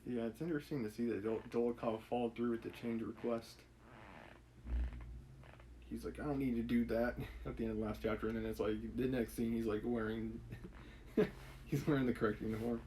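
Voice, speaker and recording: Picture a man reading a classic novel aloud on a live stream, pausing often to think out loud and correct himself. His voice sits at an ordinary middle pitch. A faint hiss runs underneath. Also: steady tone, poor audio. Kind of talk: casual read-aloud with commentary. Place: home setup, live stream.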